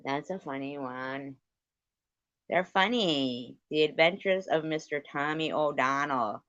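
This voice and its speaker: A woman's voice: low-pitched, takes it slowly, fairly bright tone, no echo, highs cut off. A woman hosting a livestream, telling a rambling casual story, swearing freely and breaking off to thank viewers. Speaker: livestream host.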